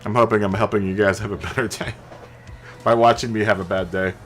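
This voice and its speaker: Soft music plays behind a man with a fairly low, steady, slightly bright voice who talks at a fairly quick clip. Streaming a racing game from home, he chats casually with viewers in the live chat, wandering off topic and chuckling at his own jokes. The sound comes from a studio mic run through a mixer.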